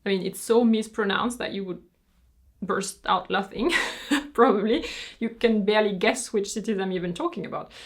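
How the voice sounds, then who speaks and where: French woman giving frank fashion reviews. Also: medium pitch. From France. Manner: measured, explanatory, frank. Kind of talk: opinionated review commentary.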